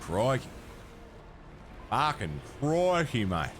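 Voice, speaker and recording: A man's voice: mid-range voice, sing-song, slow pace, a bit bright. An Australian man chatting casually with his viewers as he streams a video game, swearing freely and reading out chat messages. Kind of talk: casual live gameplay commentary. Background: faint background music.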